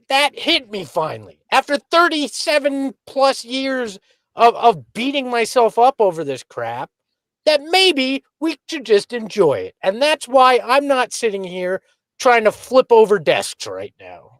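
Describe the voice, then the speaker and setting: A man's voice: extremely high pitch, very animated, unhurried, a bit bright, dry recording, studio quality. A man hosting a casual sports podcast, talking candidly and reflectively, often restarting his sentences. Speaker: podcast host.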